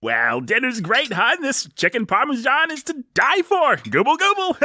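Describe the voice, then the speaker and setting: A man's voice: high voice, sharp tone, exaggerated voice. A man playing a cheery, hapless father who jokes and laughs his way through trouble. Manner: jokey, folksy, laughing through it. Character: goofy, cheery, hapless dad.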